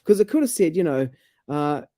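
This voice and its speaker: A man's voice: a little high, sing-song, normal speed, dark tone, no room sound. A man co-hosting a study show, chatting about word stress, reading explanations aloud and reacting with surprise. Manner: curious, exclaims in surprise, reads explanations aloud. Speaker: co-host of a scripture study show. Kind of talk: casual chat about pronunciation.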